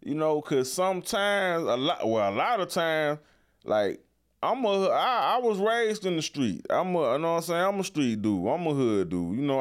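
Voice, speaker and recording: A young man hosts a podcast in loose, joking talk, full of slang and repeated phrases. His pitch swings a lot, and his tone stays smooth and resonant throughout. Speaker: podcast host. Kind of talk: casual chat.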